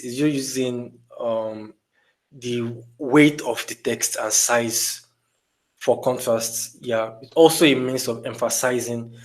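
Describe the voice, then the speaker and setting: A man teaching a live online design class over a call, talking in a relaxed way with many fillers and restarts and asking his listeners questions. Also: mid-range voice, rough recording. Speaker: design instructor.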